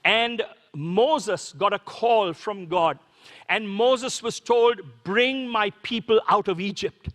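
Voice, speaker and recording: A Sri Lankan pastor delivers a sermon in a voice that sits notably high for a man, with a fairly bright tone and an unhurried pace. He speaks conversationally to his congregation, repeatedly posing rhetorical questions, while a church hall lends his words a long, ringing reverb.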